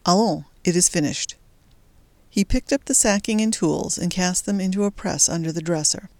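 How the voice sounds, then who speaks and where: Woman reading a story, low and dry. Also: fairly quick, darkish tone, no room sound. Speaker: audiobook reader. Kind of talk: scripted narration.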